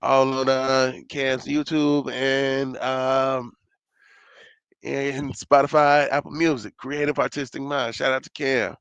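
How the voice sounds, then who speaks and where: A man's voice: mid-range voice, little pitch movement, slow, creaky, fairly bright tone, smooth, dry recording, muffled recording. A man co-hosting a casual podcast, talking loosely and profanely as he thanks listeners and plugs a friend's music. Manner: loose, profane, plugging shows and laughing. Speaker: podcast co-host.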